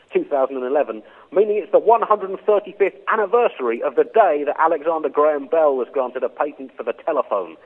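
A man co-hosting a comedy podcast, delivering absurd jokes deadpan with frequent chuckles. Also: mid-range voice, husky. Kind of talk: comic monologue and banter. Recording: phone-like narrow band.

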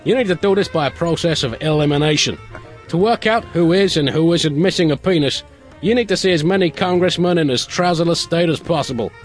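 A man doing a deadpan streetwise woman. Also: fairly high pitch, fairly quick, faint music behind, pitched above the performer's own voice, natural voice. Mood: dry.

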